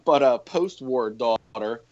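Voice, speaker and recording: This guest talks slowly, with a mid-range, darkish voice and lively intonation, sharing laid-back stories packed with fillers during a casual podcast interview. The recording is dull and lo-fi.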